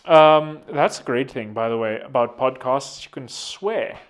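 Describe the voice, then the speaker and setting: A man's voice: mid-range voice, a little slow. A man hosting a podcast, talking in a rambling, casual monologue full of fillers and self-corrections. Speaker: podcast host.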